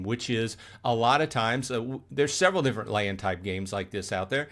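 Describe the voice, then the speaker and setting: A man's voice: medium pitch, brisk, hardly any pauses, fairly bright tone. A man hosting a casual gaming livestream, rambling and restarting his sentences, often checking in with "okay?" and "right?", and getting fired up as he explains. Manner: gets fired up. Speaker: livestream host.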